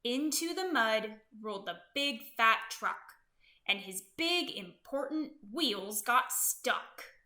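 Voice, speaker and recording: A woman reading a children's picture book aloud in an expressive, sing-song way. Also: on the high side. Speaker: storyteller. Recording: echoey room.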